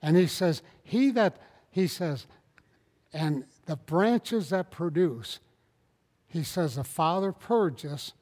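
A man with a notably high voice preaches a sermon, his words ringing out with a long hall reverb. He preaches with animated emphasis, climbing into loud, pointed bursts and peppering his points with rhetorical questions. Now and then he calls out to someone in the congregation by name. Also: slow pace. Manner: addresses congregation members by name.

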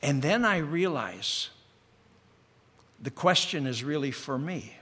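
A man preaching a sermon in an earnest way. He slows down to stress key words and often sinks to a hush. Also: a little high, lively intonation, slightly rough. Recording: reverberant hall.

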